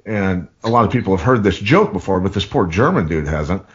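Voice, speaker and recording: Low-voiced podcast host spinning profane yarns. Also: male voice, fairly quick, breathy edge. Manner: profane, rambling anecdotes with lively impressions. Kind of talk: casual storytelling. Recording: dull lo-fi podcast audio.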